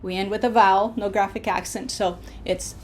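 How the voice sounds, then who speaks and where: A woman's voice: medium pitch, steady tone, normal speed, slight background noise. A woman teaching a pronunciation lesson, patient, checking in often with her students. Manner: patient, checks in with frequent "okay?". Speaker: Spanish teacher.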